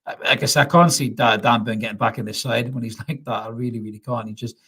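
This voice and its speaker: A man with a Geordie accent talks through a live reaction stream from his house, reading out viewer comments. His voice is husky and sits at an ordinary middle pitch. He swears freely and doubles his words for emphasis. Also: steady tone, quick pace, bright, forceful tone. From North East England. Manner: swears freely and repeats himself. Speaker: fan channel host reading comments. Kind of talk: live post-match reaction chat. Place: at home, indoors.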